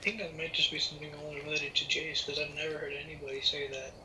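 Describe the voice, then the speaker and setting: A man chatting casually on a stream, calm and dry with brief replies. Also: a little high, quick pace, noisy background. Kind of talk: casual chat.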